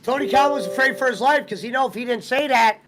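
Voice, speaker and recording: Very high-voiced man ranting casually. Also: fast talker, background noise. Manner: profane, rambling storyteller. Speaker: streamer host. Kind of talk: casual chat.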